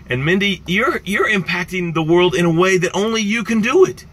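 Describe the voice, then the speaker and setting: Bright, impassioned male success coach. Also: high voice, animated, brisk, few pauses, a little hiss or hum. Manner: impassioned, repetitive, addresses viewers directly. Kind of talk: motivational live-stream talk.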